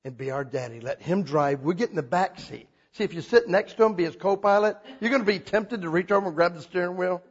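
A man preaching a sermon as a pastor, telling stories with lively acted-out quotes. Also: fast talker, hardly any pauses, breathy edge, lo-fi sound. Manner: animated storytelling, acts out quotes with big pitch jumps.

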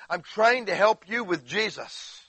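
Guy preaching, chatty and folksy, bright voice, dry close sound. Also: sits high, lively intonation, a little slow, slightly rough, dry recording. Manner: folksy, rambling, asks the congregation questions. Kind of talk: conversational sermon. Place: church sanctuary.

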